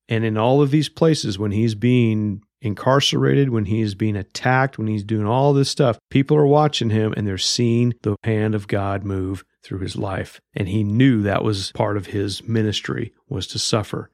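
A man's voice: on the low side, moderate pace, hardly any pauses, darkish tone, no room sound, clean studio sound. A man teaching through a Bible book verse by verse, reading scripture aloud and explaining it in a blunt, conversational way.

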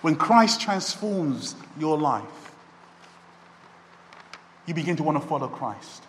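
The male pastor's fairly high voice swings widely in pitch as he delivers an emphatic, story-driven wedding sermon with slow, stretched phrases. The church hall is echoey, and a faint hiss or hum can be heard.

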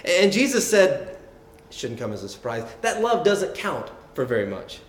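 A man's voice: on the high side, very animated, normal speed, reverberant. A man preaching a sermon in a conversational way, often repeating words and checking in with the listeners. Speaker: pastor.

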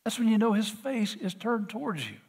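A man's voice: sits high, lively intonation, a little fast, darkish tone, breathy edge. A middle-aged man preaching a sermon, earnest, often restarting with repeated words. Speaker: pastor.

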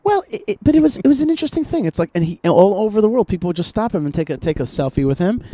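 A man hosting a casual podcast conversation, animated, often repeating himself and restarting his sentences. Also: high-pitched, rapid-fire, no echo. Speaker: podcast host. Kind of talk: casual political chat.

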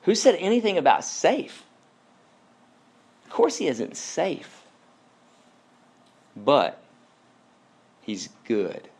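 A man's voice: a little high, huge pitch swings, very slow, pauses often, a little mellow, breathy edge, pitched above the performer's own voice, heavily acted. A man voicing an earnest male beaver as he reads a storybook aloud in a sermon, with emphatic, indignant questioning.

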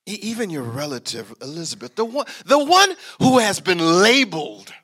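A male preacher delivering a sermon in an animated, emphatic way, repeating phrases for effect. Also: high voice, moderate pace, breathy edge.

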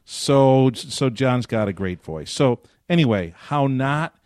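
An older man in casual podcast chat, spinning a story at a mid-range pitch. He trades joking banter with his co-host. His voice sits dry and close to the mic. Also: animated, slow pace, a little mellow, dry recording.

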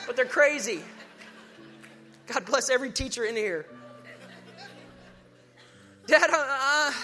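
A man preaching a sermon, swinging between hushed storytelling and rousing declarations. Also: very high-pitched. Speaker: pastor.

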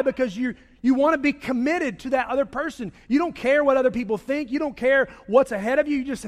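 A man preaching a sermon, swinging between loud raised delivery and hushed low passages. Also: fast talker, few pauses. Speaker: pastor. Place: church sanctuary. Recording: long reverb of a large hall.

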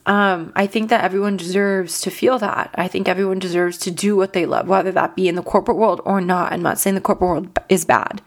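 A woman's voice: mid-range voice, steady tone, quick pace, few pauses. A young woman hosting a podcast, talking earnestly and emotionally with a voice cracking from crying, full of "like" and "you know". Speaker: podcast host. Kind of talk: casual solo podcast talk.

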